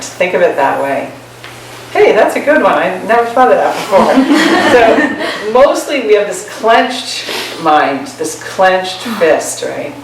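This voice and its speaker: Woman Zen teacher, casual storytelling dharma talk, slightly low voice, distant mic, strong room echo. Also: noisy background. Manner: chatty, laughing often, self-mocking stories. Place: meditation hall. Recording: echoey room, mic far off.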